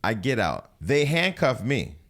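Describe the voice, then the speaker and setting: A man's voice: mid-range voice, very animated, measured pace, fairly bright tone. A man hosting a casual talk show, telling a long personal story with lots of swearing and acted-out quotes. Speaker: host.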